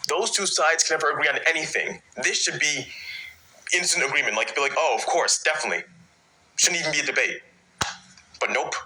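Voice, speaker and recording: A man ranting in a frustrated, halting way, restarting his sentences again and again. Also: fairly high pitch, noisy background. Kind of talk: personal rant.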